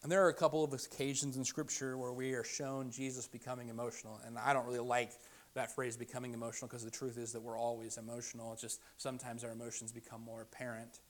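Middle-aged man, pastor, sermon, mid-pitched voice, hushed then forceful swings. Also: little pitch movement, quick pace. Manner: dynamic, drops to hushed softness for quoted invitations and rises loud when emphatic.

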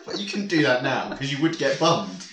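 A man's voice: medium pitch, very animated, moderate pace, echoey room, noisy background. A man co-hosting a podcast in casual chat, crude and laughing as he retells comedy sketches. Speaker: podcast co-host.

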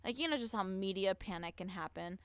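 A woman hosting a podcast, talking through a true-crime story in a loose, casual way. Her voice is smooth and crisp, and she is recorded close and dry. She swears freely and acts out the people in the story. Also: mid-range voice, animated, brisk, no echo. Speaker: podcast host.

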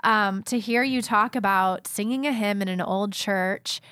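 A woman co-host talks in an easy, mid-pitched voice, candid and quietly skeptical, with a wry edge. Her speech is quick in places. The recording is dry and close. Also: clear, resonant tone, no room sound. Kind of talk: casual podcast conversation.

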